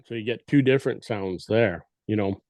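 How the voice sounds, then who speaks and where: A man's voice: lowish voice, normal speed, darkish tone, dry recording. A man on a podcast casually explaining elk cow calls and sometimes mimicking them with his voice. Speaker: guest elk calling expert.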